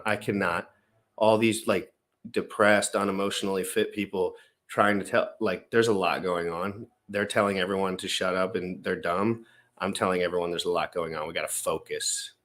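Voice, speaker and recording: A man's voice: on the low side, a bit bright. A man hosting a casual crypto livestream, ranting emphatically to his viewers. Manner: ranting, emphatic pep talk. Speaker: show host.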